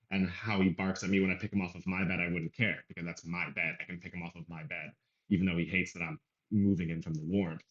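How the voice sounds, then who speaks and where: A man's voice: low voice, highs cut off. A man doing casual reaction commentary, rambling and talking over the clip he is playing. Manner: rambling, conversational, talks over clips.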